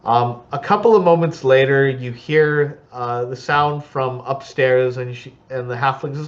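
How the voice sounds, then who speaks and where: A man narrating a tabletop game as game master in a relaxed way, with many fillers. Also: medium pitch, a little slow, hardly any pauses, lo-fi sound.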